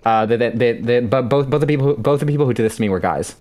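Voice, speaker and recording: A man's voice: mid-range voice, rapid-fire, darkish tone. Man in his late twenties, caller, rambling, stammering, profane. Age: 20s. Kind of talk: call-in on a stream.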